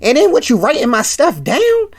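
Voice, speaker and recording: A narrator voicing a brash, joking male radio host who teases his guest loudly. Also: high voice, huge pitch swings, pitched above the performer's own voice. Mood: teasing. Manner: loud, quick, teasing and jealous.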